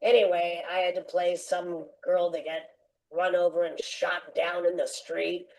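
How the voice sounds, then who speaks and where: A woman's voice: on the low side, unhurried, poor audio. An older woman telling a long personal story as a podcast interview guest, acting out the voices of the people she quotes. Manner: lively anecdotal storyteller, acts out quoted voices.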